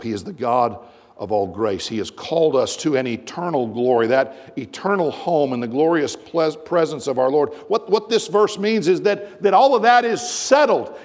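Male pastor, sermon, animated high voice, rhetorical questions, long church reverb. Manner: emphatic preaching with rhetorical questions. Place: church sanctuary.

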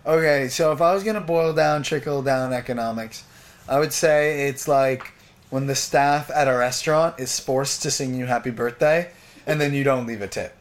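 A man of medium pitch co-hosting a casual podcast. He jokes playfully in a deadpan way and laughs easily while telling his own stories. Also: moderate pace. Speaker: podcast co-host. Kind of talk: casual chat.

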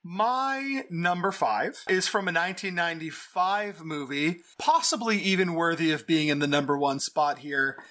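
A man with a high, bright voice talks casually as a podcast co-host. He is animated, laughs easily, and throws in mocking asides. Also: moderate pace, hardly any pauses. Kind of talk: casual chat.

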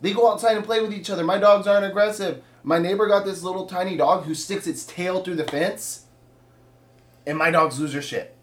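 A man in casual chat, rambling as he talks things through, with quick laughs. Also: high-pitched, fairly even intonation.

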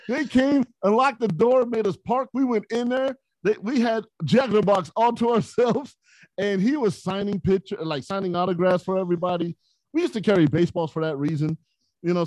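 A man, a podcast guest, telling stories in a casual, animated way, often laughing as he talks. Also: high voice, no room sound. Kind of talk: casual storytelling.

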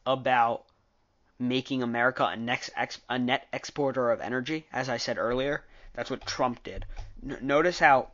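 A man with a medium-pitched, somewhat bright voice casually recaps a political debate, opinionated and rambling as he corrects himself partway through sentences. He's a political commentator, heard on a lo-fi recording.

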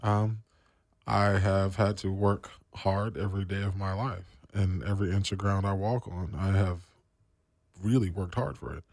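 A man's voice: low voice, fairly even intonation, normal speed, creaky, a little mellow, no echo. A man from the East Coast of the US hosting a radio show, talking casually and slangily with many fillers.

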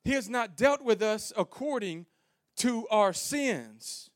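A male pastor preaching a sermon to a congregation in a church, swinging from soft pleading to shouted, sing-song preaching, folksy and calling out to the room. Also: sits high, lively intonation, takes it slowly, no room sound, clean studio sound. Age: young adult. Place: church sanctuary before a congregation.

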